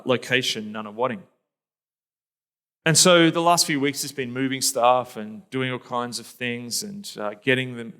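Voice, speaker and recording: A man's voice: medium pitch, fairly bright tone. A middle-aged man preaching a sermon as a pastor, telling a personal story in a conversational, reflective way with fillers and restarts.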